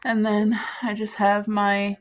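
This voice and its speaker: A woman's voice: medium pitch, monotone, slow. A middle-aged woman from Canada chatting casually through a home vlog, homey and talkative, with little apologetic asides. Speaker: vlogger.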